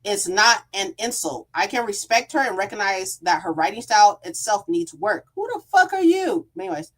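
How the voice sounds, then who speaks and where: A woman's voice: mid-range voice, moderate pace. A woman book vlogger ranting in a casual storytime, reading out comments and answering them with sarcasm, heavy swearing and frequent laughter. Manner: heated, sarcastic, swears a lot, laughs often; reads out comments in a flat voice.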